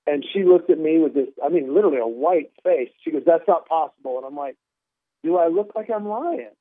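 A man, a comedian guest, telling a story in an animated, wry way and acting out the dialogue. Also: on the high side, brisk, no room sound. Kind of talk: conversational storytelling. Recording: tinny phone line.

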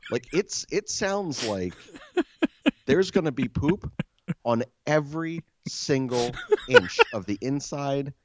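A man casually telling a story as a podcast host, animated and exasperated, swearing often. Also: mid-range voice, slow pace, a little hiss or hum.

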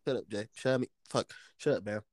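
A man's voice: medium pitch, moderate pace, a little mellow, no echo. A man co-hosting a casual comedy podcast, joking and swearing as he stumbles through reading news stories aloud.

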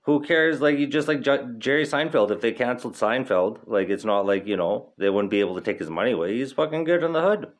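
Laid-back, profane young podcast host. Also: male voice, mid-range voice, fast talker, few pauses. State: stoned. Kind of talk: casual podcast chat.

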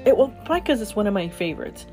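A woman hosting a casual morning podcast, bubbly and quick to laugh. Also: sing-song, over music. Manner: bubbly, laughs often, talks to her dog in a high baby voice. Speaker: podcast host.

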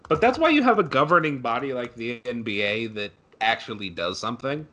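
A man's voice: mid-range voice, very animated, brisk, pushed and bright. Young man, podcast co-host, sarcastic, ranting, cussing, casual sports chat. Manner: sarcastic, ranting, swears freely.

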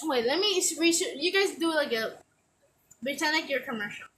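A woman's voice: sits high, expressive, fairly quick, a bit bright, a little hiss or hum. A teenage girl telling a rambling story to friends, giggling and full of fillers. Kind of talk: casual chat.

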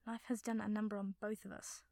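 A woman voicing a curious, teasing young man who speaks gently. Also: high-pitched, little pitch movement, brisk, gravelly, dry recording, clean studio sound. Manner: teasing, then soft and gentle.

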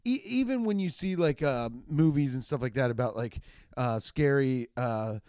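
A man's voice: mid-range voice, normal speed, darkish tone, clean tone, no echo, clean studio sound. A man doing a loose, crude comedy monologue, swearing often and laughing at his own jokes. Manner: trails off and restarts a lot.

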